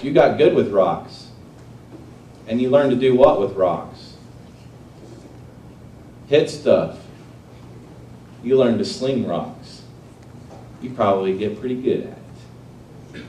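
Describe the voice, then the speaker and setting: Male preacher, chatty sermon delivery, warm low tone, recorded from afar in a roomy hall. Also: slight background noise. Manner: conversational, asks the audience questions. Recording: echoey room, voice from a distance.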